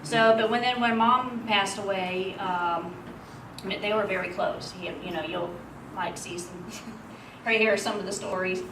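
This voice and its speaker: A woman's voice: mid-range voice, fairly even intonation, moderate pace. Woman telling a funny eulogy story, far off. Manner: chatty, laughing often through stories. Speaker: memorial speaker. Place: memorial gathering hall. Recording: echoey room, distant mic, noisy.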